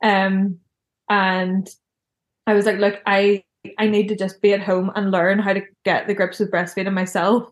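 Young woman rambling thru her story, lots of "like", middle pitch, roomy echo. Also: flat delivery, normal speed. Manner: chatty, heavy use of "like" fillers. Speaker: guest telling her birth story. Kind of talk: casual personal storytelling.

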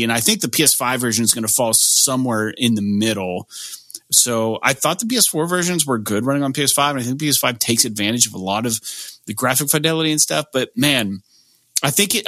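A man's voice: mid-range voice, sharp tone, dry recording. A man hosting a podcast in casual chat, rambling and cursing freely with lots of fillers. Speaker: podcast host.

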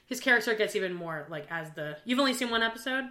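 Bright, animated Canadian-born woman co-host. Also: medium pitch, fast, reverberant. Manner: animated, swearing, gushing. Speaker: podcast co-host. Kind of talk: casual chat.

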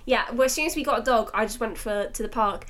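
A woman's voice: fairly high pitch, fast talker, a bit bright. A young woman hosting a casual podcast chat, jokey and wry. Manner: chatty, jokey, wry asides. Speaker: podcast host.

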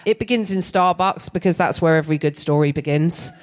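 A middle-aged English woman, a comedian and co-host, telling a story in stand-up with a wry, animated delivery that often breaks into laughter. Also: deep voice, brisk.

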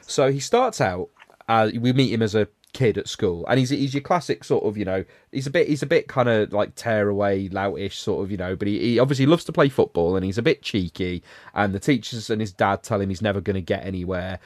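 A man's voice: fairly low pitch, fairly quick, dry recording, studio quality. A man hosting a podcast, giving a sardonic, rambling recap of a film in casual chat. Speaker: podcast host reviewing a film.

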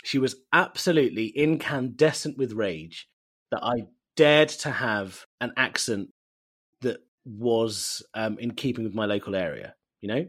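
A man from East London, a native Bengali speaker, telling animated, self-mocking stories as a guest in a casual interview. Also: medium pitch, measured pace, breathy edge. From East London, England. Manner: animated storytelling, laughs often, self-mocking.

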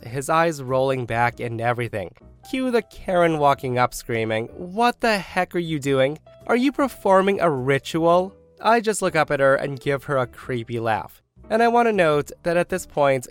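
A man reading a first-person online story aloud, with wry, animated storytelling. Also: mid-range voice, smooth. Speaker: story narrator.

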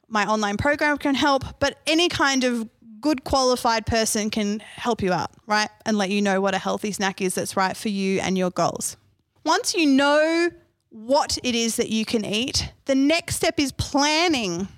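A woman's voice: a little high, no echo, studio quality. An Australian woman giving a live healthy-eating workshop, chatty and conversational, often throwing rhetorical questions to the audience.

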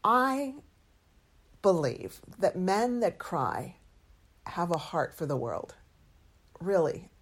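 A middle-aged woman and doctor hosting a podcast, telling a personal story in an earnest, open, expressive way with lively swings in tone. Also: lowish voice, takes it slowly, long pauses, husky. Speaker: podcast host and medical doctor.

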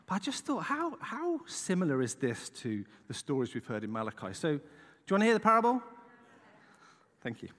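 A man's voice: medium pitch, huge pitch swings, brisk, few pauses, long reverb tail. A man preaching a casual sermon, chatty and conversational, tossing in "right?" asides as he tells a story.

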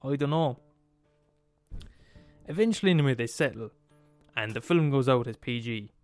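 A man telling a film story in a casual, animated monologue, swearing freely and digressing. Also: mid-range voice, brisk, no room sound, soft background music.

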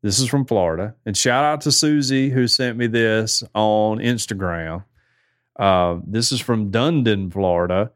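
A laid-back man with a lowish voice hosts a casual podcast, reading odd news headlines aloud and then riffing on them with chuckles. The studio-quality recording has no echo.

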